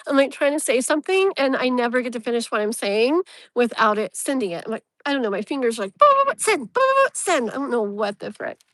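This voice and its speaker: A woman giving a tarot reading on a live stream, her voice sitting a bit high for a woman. She rambles in a loose, chatty way, full of "like" and "you know", and soothes the viewer with pet names. The sound is close and dry, with no room echo. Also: fast talker. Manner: affectionate, soothing tone toward the viewer.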